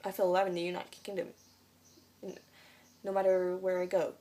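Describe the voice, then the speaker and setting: A woman's voice: on the low side, completely flat delivery, a little fast, warm tone. A young woman whose first language is French, chatting through a casual Q&A vlog in English, hesitant and rambling with many fillers. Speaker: vlogger.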